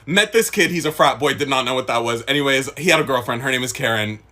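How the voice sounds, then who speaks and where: A man's voice: mid-range voice, fast, bright, forceful tone. A young man from the Middle East telling a casual storytime, swearing freely with laughing asides.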